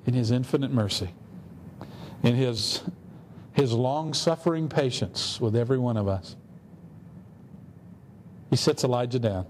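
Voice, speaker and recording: A man's voice: medium pitch, a little slow, pauses often, darkish tone, a little hiss or hum. A man pastor preaching a sermon, telling a story earnestly with rhetorical questions. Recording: long hall reverb, faint ambience.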